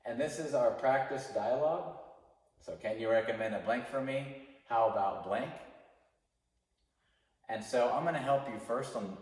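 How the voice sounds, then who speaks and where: A man's voice: mid-range voice, moderate pace, long pauses, darkish tone. A man teaching an English class, explaining patiently and encouragingly to students. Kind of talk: classroom instruction. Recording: echoey room with long reverb.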